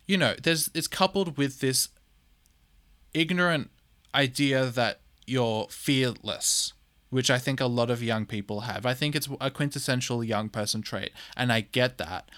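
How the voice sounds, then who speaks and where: A young man in his twenties holds forth alone on his podcast in a blunt, exasperated voice of middling pitch. He swears freely, circles back with repeated words and fillers, and sounds close to the mic in a dry, deadened space. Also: normal speed, fairly bright tone, no room sound. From Australia. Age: 20s. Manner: repeats phrases for emphasis, many fillers. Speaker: podcast host. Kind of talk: opinionated solo podcast monologue.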